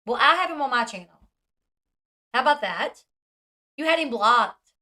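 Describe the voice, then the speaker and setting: A woman hosting a commentary vlog in a bright, forceful voice, pitched a little high. She is blunt and opinionated, with a sarcastic edge. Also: animated, normal speed, pauses often. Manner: blunt, sarcastic, mimics others mockingly. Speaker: commentary channel host.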